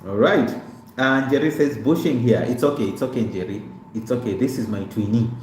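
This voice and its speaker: A man's voice: medium pitch, fairly quick, a little mellow. A young man chatting casually on a live stream, greeting viewers by name and repeating himself as he talks through his life story. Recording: echoey room with faint background noise.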